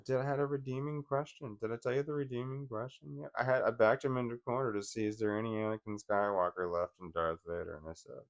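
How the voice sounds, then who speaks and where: A man's voice: mid-range voice, fairly even intonation, fast talker, hardly any pauses. A man talking in a casual personal monologue, swearing often, venting with restarts and bursts of laughter. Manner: profane, rambling, with frequent restarts and laughs; agitated, venting. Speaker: vlogger.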